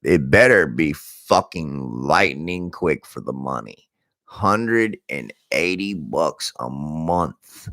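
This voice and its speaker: A man with a hoarse, scratchy, deep voice after losing it from yelling, ranting profanely in a casual vlog. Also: animated, slow, dry recording, clean studio sound. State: hoarse, lost voice. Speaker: vlogger.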